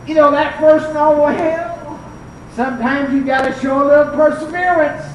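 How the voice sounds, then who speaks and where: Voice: sits high, a little hiss or hum. Fervent older preacher in an echoey church. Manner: fervent, storytelling, rises to shouts. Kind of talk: revival sermon. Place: church sanctuary. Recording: echoey church, mic far off.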